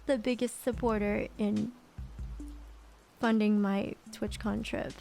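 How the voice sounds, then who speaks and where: A woman streamer telling a story in a casual, animated, dramatic way, swearing a lot. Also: medium pitch, slow pace, vocal fry, faint music behind.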